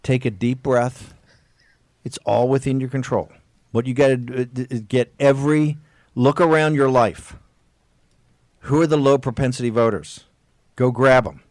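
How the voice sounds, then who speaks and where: A man of middle pitch hosting political talk radio in a hard-driving, exhorting manner. He leans on stressed words and stretches them out, and restarts phrases as he pushes on. The sound is dry and close to the mic. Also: fairly even intonation, normal speed, pauses often, dry recording.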